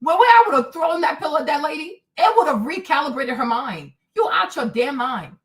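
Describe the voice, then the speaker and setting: A woman's voice: high voice, a little fast. A young woman hosting a livestream, ranting indignantly to her viewers in a casual storytelling way. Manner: animated, indignant, talks to viewers as y'all. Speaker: livestream host.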